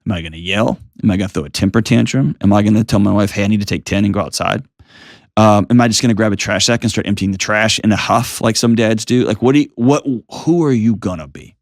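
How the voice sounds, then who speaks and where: A middle-aged American man hosting an advice call-in show, talking in a calm, earnest coaching way full of rhetorical questions. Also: lowish voice, fast, no echo, clean studio sound. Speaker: host giving advice.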